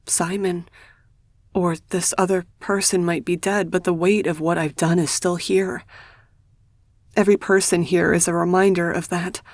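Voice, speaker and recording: A woman's voice: lowish voice, level tone, moderate pace, dry recording. A woman voicing a guilt-stricken young woman, pleading and raw in audiobook dialogue. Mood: despairing whisper.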